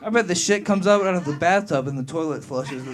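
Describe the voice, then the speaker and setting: Heckled during his open-mic stand-up, a young man grows loud and heated. The rest of his set is profane and meandering, delivered a little fast in a fairly high voice, and he laughs at his own material.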